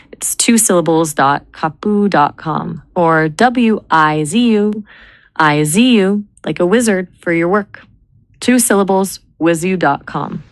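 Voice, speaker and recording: Slow, low-voiced woman spelling words out. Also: no echo. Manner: measured, spells words out letter by letter. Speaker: brainstorming assistant. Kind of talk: casual brainstorming chat.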